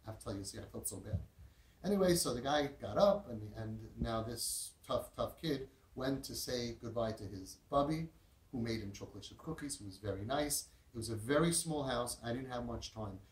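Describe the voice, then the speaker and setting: A man's voice: medium pitch, expressive, moderate pace. A man telling a heartfelt story with emphasis, repeating words and using Yiddish and Hebrew terms. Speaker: parenting speaker. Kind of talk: storytelling talk. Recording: roomy echo, distant mic, faint noise.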